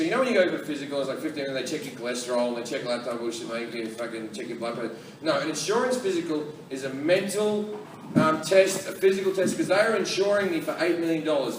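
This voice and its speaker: A man doing stand-up, telling a profane story with animated delivery and acting out other people's voices. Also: a little high, quick pace, a little hiss or hum. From Australia. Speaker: stand-up comedian. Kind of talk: stand-up comedy set. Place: large comedy venue with a live audience. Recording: echoey hall, voice from far off, loud ambience.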